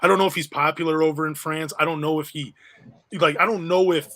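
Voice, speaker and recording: A man with a fairly high voice and a gravelly rasp hosts a casual sports podcast. He talks in a chatty, easygoing way and keeps tossing questions to his co-host. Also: steady tone, quick pace, fairly bright tone. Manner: chatty, asks questions, self-deprecating.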